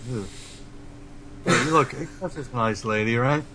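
A man guesting on a casual podcast, talking in a deadpan monotone. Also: mid-range voice, measured pace, a crowd in the background.

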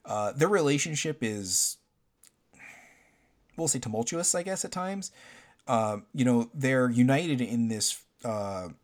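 A man's voice: mid-range voice, expressive, takes it slowly, pauses often. A man chatting casually about a video game he played, rambling with lots of fillers and restarts. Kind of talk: casual game review chat.

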